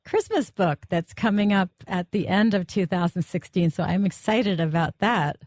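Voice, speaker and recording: A woman's voice: medium pitch, lively intonation, normal speed, darkish tone, dry recording, studio quality. A woman hosting a podcast, chatting with a guest in an appreciative way. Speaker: podcast host and editor. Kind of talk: casual interview chat.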